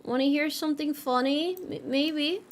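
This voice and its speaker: Streaming a farming game, a young woman VTuber chats and jokes with her audience, teasing herself along the way. She has a high voice at normal speed, and a little hiss or hum can be heard.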